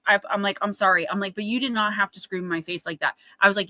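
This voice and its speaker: A woman's voice: medium pitch, fast talker, few pauses, pushed and bright, no echo, rough recording. A woman hosting a live oracle card reading stream, telling a story in casual, chatty talk and acting out what people said. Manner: chatty storytelling, acts out quotes in a raised voice. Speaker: oracle card reader and livestream host.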